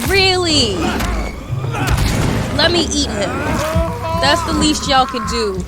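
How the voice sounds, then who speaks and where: A woman's voice: sits high, lively intonation, slow, long pauses. A woman streamer giving casual live commentary over a game, exasperated and talking back at the enemies on screen. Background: loud game music.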